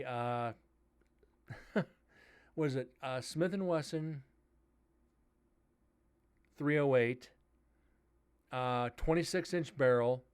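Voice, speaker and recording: A man's voice: mid-range voice, clean tone. A man hosting a live stream, casually telling a story and acting out both sides of the dialogue.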